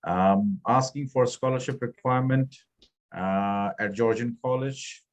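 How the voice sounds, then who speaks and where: A man's voice: medium pitch, a little slow, rough recording. A man moderating an online info session, politely reading out audience questions with frequent ums. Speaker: webinar moderator. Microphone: video call.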